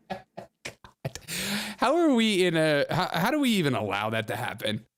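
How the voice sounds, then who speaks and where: A man's voice: a little high, wildly swooping pitch, takes it slowly, pauses often. Sarcastic man laughing through live commentary. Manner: laughs at his own jokes, sarcastic and jokey. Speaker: host of a live political commentary show. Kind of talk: live-stream commentary reading headlines and super chats.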